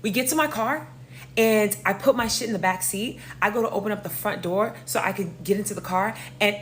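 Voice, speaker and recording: Animated young New woman telling a story. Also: medium pitch, a little fast, slight background noise. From New York. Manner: animated, slangy and profane, addressing listeners as y'all. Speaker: storyteller host. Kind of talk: casual storytime vlog.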